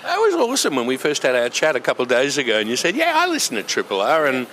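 A man's voice: mid-range voice, huge pitch swings, fast, a bit bright, a little hiss or hum. An Australian man hosting a community radio show, chatty and enthusiastic, with lots of fillers.

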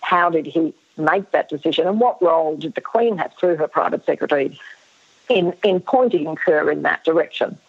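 A deep, gravelly, slightly rough voice belongs to an Australian woman historian who is losing her voice. Speaking at normal speed as a guest in a phone-in radio interview on a tinny line, she's emphatic and restarts sentences often, with many fillers.

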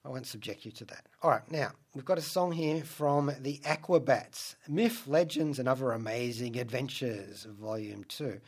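A man's voice: mid-range voice, normal speed, few pauses. A man hosting a radio show, reviewing films in a casual, rambling, wry way. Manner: rambling and wry, many asides. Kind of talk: casual film review monologue.

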